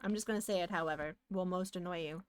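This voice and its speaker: A woman's voice: fairly low pitch, quick pace. An American woman streaming live, chatting casually and giggling while she works. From United States. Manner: chatty and giggly, hums and sings along.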